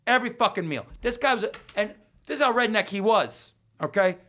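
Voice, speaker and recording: A man's voice: high voice, animated, a little fast, pushed and bright. A man hosting a podcast, telling rambling stories in casual, profane chat. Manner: profane, storytelling. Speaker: podcast host.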